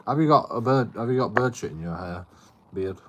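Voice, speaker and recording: A man's voice: fairly low pitch, animated, fairly quick, highs cut off, a little hiss or hum. A man in his late thirties from Bradford with a Yorkshire accent, telling a rambling, swear-filled story to his live chat and often repeating himself. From Bradford, England. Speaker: live streamer.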